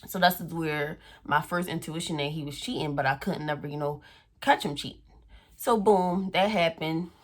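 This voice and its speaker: A young woman telling a storytime on her vlog in a casual, animated way, acting out what people said. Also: deep voice, normal speed. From Philadelphia area. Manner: animated, acts out quoted voices, swears freely. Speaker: vlogger.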